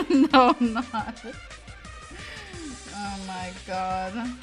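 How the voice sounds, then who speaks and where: A young adult woman hosting a casual stream, talking in an animated, exasperated way with a lot of swearing. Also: medium pitch, extremely slow. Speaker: streamer host. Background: faint music.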